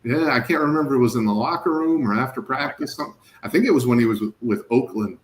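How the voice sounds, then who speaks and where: A man's voice: mid-range voice, fast talker, crowd noise. 30s guy, laid back reflective podcast chat, mid voice, echoey room. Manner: relaxed, reflective, trailing-off phrases. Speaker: podcast co-host. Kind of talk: casual sports chat.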